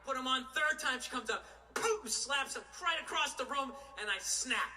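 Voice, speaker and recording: A man's voice: extremely high pitch, expressive, moderate pace, recorded from a distance, crowd noise. A man doing a stand-up comedy routine, ranting and exasperated, with plenty of profanity.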